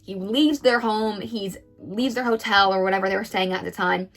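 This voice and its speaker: A woman's voice: mid-range voice, a bit bright, faint music behind. A woman recapping someone else's story in a chatty way, acting out the quotes. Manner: brisk, chatty, acts out quotes. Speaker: commentator retelling a story.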